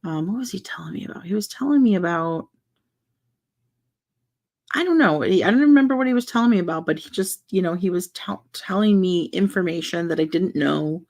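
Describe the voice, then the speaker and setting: A young woman chatting casually while building a wooden puzzle, rambling and soft-spoken with many fillers and restarts. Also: on the low side, lively intonation, a little fast. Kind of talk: casual chat while crafting.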